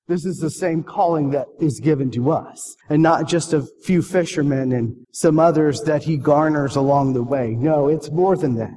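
A man preaching in a big reverberant hall, his voice a touch higher than most men's. He tells stories and asks his listeners heartfelt questions, the sound trailing off into a long echo. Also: normal speed, hardly any pauses, dark tone. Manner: storytelling, earnest questions. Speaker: pastor. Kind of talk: sermon.

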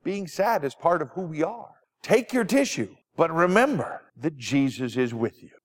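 A man giving a children's sermon as pastor, animated and sing-song, asking the kids simple questions. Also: a little high, moderate pace. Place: church sanctuary. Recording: long church reverb.

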